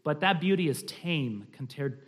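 A man's voice: a little high, expressive, moderate pace. A man teaching a church class on family worship, talking in a conversational, explanatory way with frequent restarts and fillers.

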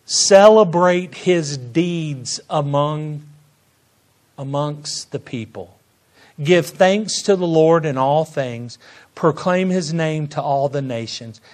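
Preacher guy, high voice, slow, gets loud then quiet. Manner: swings from soft, slow asides to loud, high exclamations of praise. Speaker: pastor. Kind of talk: sermon.

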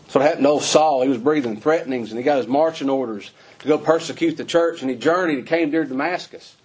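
A man's voice: a little high, slightly rough. A male pastor, preaching a folksy, emphatic sermon full of rhetorical questions.

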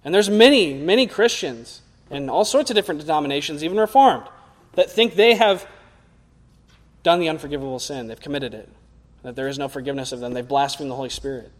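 A young man preaching a sermon earnestly, climbing to loud emphatic peaks and sinking low again. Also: brisk. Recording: long hall reverb.

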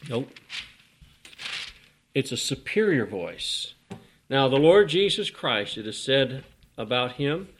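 A man's voice: mid-range voice, fairly bright tone. A man preaching a folksy, emphatic sermon, with sudden rising bursts.

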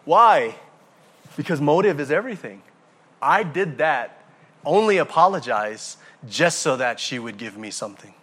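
Animated bright-voiced male preacher. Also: a little high, moderate pace, breathy edge. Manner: animated, acts out everyday scenes with rhetorical questions. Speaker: pastor. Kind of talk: sermon.

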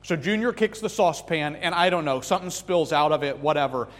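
A man preaching a sermon with earnest emphasis, rising to loud peaks and falling back to soft, pleading lines. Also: a little high, a little fast. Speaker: pastor. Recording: long reverb of a hall.

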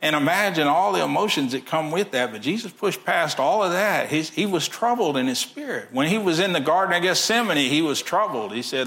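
A male pastor with a bright, forward voice delivers a sermon in an easy, conversational way. He talks straight to the congregation and sometimes drops his voice almost to a whisper. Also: fairly high pitch, expressive, brisk, few pauses. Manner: conversational preaching, drops to near-whisper at times.

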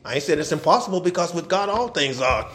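A male pastor preaching a sermon, swinging from loud shouting to quiet asides, with colloquial talk and lots of repeated words. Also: fairly high pitch, expressive, quick pace.

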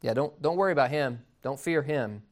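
Male preacher, casual and amused, lively storytelling, mid pitch. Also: a little fast. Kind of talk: sermon.

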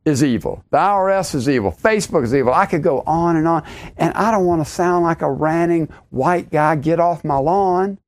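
A man's voice: a little high, a little fast. A middle-aged man preaching a podcast sermon, emphatic, repeating his key lines and rising sharply on exclamations.

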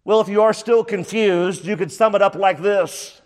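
A male pastor with a high-pitched voice delivers an emphatic sermon, repeating his key phrases for stress. His voice carries a long reverb, as in a large hall. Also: normal speed, a little mellow.

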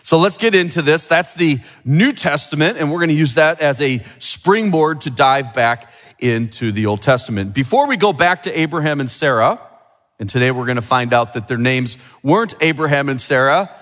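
With a slightly high voice at a moderate pace, a man preaches in an echoing church sanctuary full of long hall reverb. As pastor, he keeps the sermon lively, shifting between quiet and emphatic and asking the congregation rhetorical questions.

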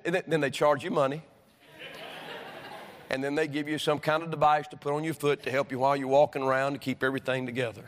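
Man, high voice, pastor, folksy storyteller turned fervent preacher; church hall with long reverb. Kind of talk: sermon. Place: church sanctuary.

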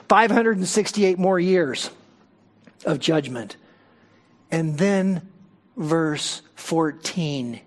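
Male pastor for a sermon read: slow and deliberate, stresses key words, explains the text point by point. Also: high-pitched. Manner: emphatic, explanatory teaching with rhetorical questions. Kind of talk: expository Bible sermon.

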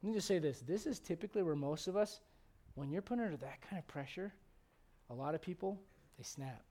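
High-voiced, joking middle-aged preacher. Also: male voice, expressive, a little fast, mellow. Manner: humorous, many rhetorical questions. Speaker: pastor. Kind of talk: sermon.

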